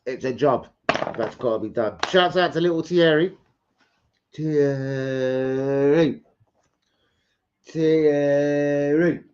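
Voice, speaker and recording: A football fan channel host with a voice on the high side speaks animatedly at normal speed, over dull audio with background noise. On his relaxed livestream, he reads transfer gossip, rambles, and swears while chatting with viewers.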